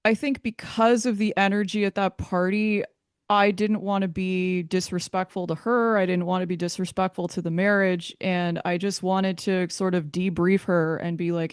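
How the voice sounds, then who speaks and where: A woman's voice: lowish voice, steady tone, moderate pace, clean tone, dry recording, clean studio sound. A woman being interviewed, giving a candid personal account in a hesitant way, often restarting her sentences.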